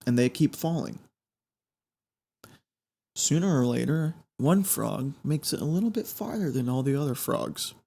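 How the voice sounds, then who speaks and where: A man hosting a podcast, telling a story in an animated way that builds suspense. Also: mid-range voice, unhurried, gravelly, pauses often, breathy edge. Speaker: podcast host.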